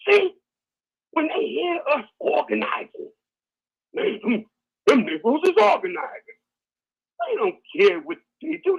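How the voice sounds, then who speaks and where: A man hosting a call-in radio talk show, telling folksy stories and building to shouted preaching. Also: high voice, vocal fry, breathy edge, highs cut off.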